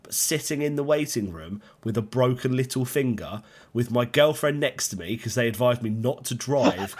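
Male podcast co-host, young, expressive pitch, self-deprecating storyteller. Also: moderate pace, noisy background. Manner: self-mocking, laughs often, animated storytelling. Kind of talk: casual chat. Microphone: video call.

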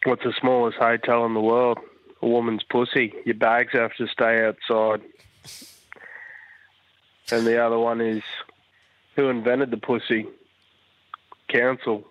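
A man telling crude jokes in a deadpan voice message. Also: medium pitch, a little slow, pauses often. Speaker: listener sending a voice message. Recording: tinny phone-line voice message.

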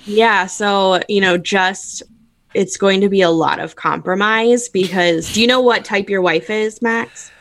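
A woman's voice: medium pitch, measured pace, no room sound. A woman guest on a chat podcast, explaining personality types steadily and often filling with "um" and "like". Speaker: Enneagram expert guest.

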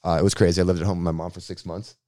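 Deep-voiced radio host from Boston, quick slangy storyteller, interview guest. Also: male voice, no echo, studio quality. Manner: slangy, lively anecdotal telling.

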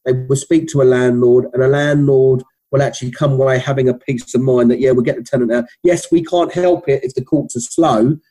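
A middle-aged man with a Cockney accent talks in a loose, rambling way, full of fillers and restarts. His voice is husky and slightly breathy. He speaks as a guest in a casual business interview. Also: medium pitch, fairly even intonation, a little fast, hardly any pauses, dark tone, low-quality recording.

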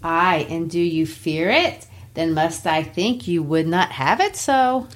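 A woman reading the part of Cassius, a scheming, persuasive Roman general, slow and deliberate in her verse reading. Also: lowish voice.

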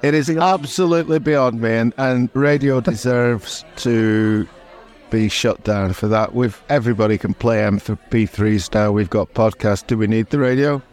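A man co-hosts a comedy podcast, rambling and cheerfully swearing through casual chat. His voice is medium-pitched with a somewhat dark tone, and he talks at a normal speed.

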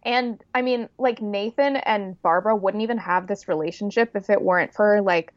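A woman co-hosting a casual chat, frank and agreeable, with quick reactions. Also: medium pitch, no room sound. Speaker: podcast co-host. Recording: dry, dull lo-fi sound.

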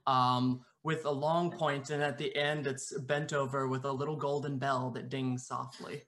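A man's voice: mid-range voice, flat delivery, a little slow, fairly bright tone. A man playing a tabletop game, describing his character at length with many fillers.

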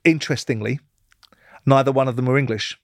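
A man's voice: medium pitch, steady tone, a little fast, dry recording, studio quality. A man hosting an interview, blunt and challenging, pushing back on his guest. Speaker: host. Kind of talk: interview and debate.

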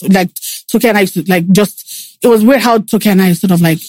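A woman recounting her own story as an interview guest, in a mellow, warm voice. She talks in an animated way, full of restarts, and puts on voices for the people she quotes. The sound is dry and close. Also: mid-range voice, a little fast, dry recording.

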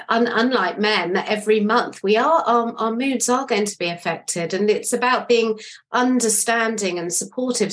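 A middle-aged woman talks with earnest energy, often restarting her sentences as she tells a story. Her voice sits in an ordinary middle register. She sounds like an interview guest speaking openly. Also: medium pitch. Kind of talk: interview conversation.

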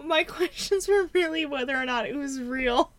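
A woman co-hosting a podcast in casual chat, sarcastic and animated, often laughing as she recaps a show. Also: high voice, moderate pace. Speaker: podcast co-host.

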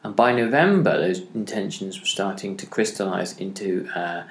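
Halting low-voiced man lecturing history. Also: reverberant, rough recording. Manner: halting, many pauses and restarts.

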